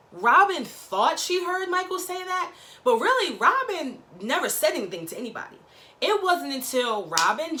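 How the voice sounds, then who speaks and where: A woman recapping a reality show in a gossipy, slangy, animated chat, acting out quotes. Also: mid-range voice.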